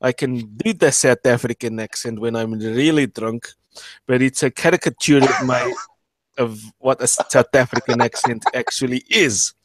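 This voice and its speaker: A man's voice: medium pitch, moderate pace, no echo. Hesitant man, dry close sound. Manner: hesitant, searching for words. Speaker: stream participant. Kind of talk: casual chat.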